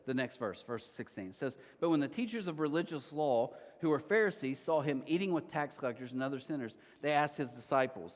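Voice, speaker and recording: A middle-aged man preaching a sermon, telling stories from his own life in an animated way with sudden jumps in pitch. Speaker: pastor. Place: large church hall. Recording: long hall reverb.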